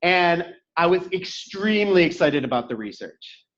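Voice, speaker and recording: A boisterous, loud man teaches an online workshop, his voice pitched high and swinging widely up and down. It sounds dull and lo-fi, caught in an echoey room. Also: sing-song, moderate pace. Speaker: instructor. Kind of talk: online workshop talk with personal stories.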